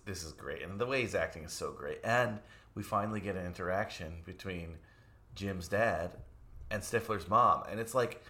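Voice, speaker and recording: Deep-voiced easygoing podcast man. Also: normal speed, sharp tone. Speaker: podcast co-host. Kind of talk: casual film discussion.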